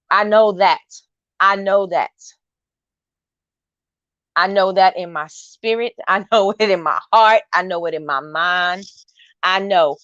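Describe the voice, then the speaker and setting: A woman's voice: medium pitch, dry recording. Upbeat woman host, preaching encouragement to viewers, dry and slightly dull recording. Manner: preachy and encouraging, repeats phrases. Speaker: host of a morning live stream. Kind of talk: lively motivational talk reading viewer comments.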